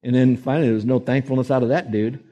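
A man preaching a sermon as a pastor, emphatic and quick to act out the people he quotes. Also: mid-range voice, steady tone, mellow. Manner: emphatic, acts out quoted voices.

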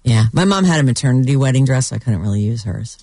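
A woman co-hosting a morning radio show with quick reactions and wry humor. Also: extremely low pitch, expressive, mellow, no echo. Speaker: radio co-host.

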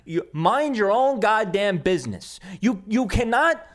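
A young man with a New York accent rants on his podcast, his voice pitched high for a man. He is heated, profane and combative, and now and then he bursts into shouting. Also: very animated, measured pace. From Staten Island, New York. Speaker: podcast host. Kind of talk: opinionated podcast rant.

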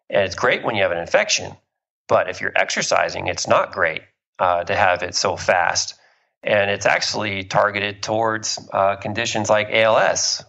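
Gravelly, bright-voiced man on a lo-fi line. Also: on the low side. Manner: enthusiastic, explains with analogies and tells anecdotes. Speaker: guest, author on genes and health. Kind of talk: conversational explaining.

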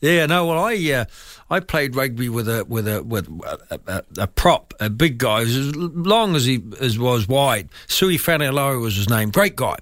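An older man, a rugby pundit telling stories in casual radio chat, with halting restarts. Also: medium pitch, very animated, fairly bright tone, no room sound. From New Zealand. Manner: rambling storyteller, halting restarts.

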